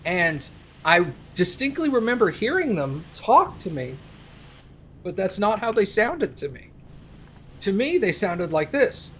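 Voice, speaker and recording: A man's voice: high voice, sing-song, normal speed, fairly bright tone, a little hiss or hum. A young man, a streamer, telling a rambling story in casual chat, with plenty of fillers. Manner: rambling anecdote with many fillers.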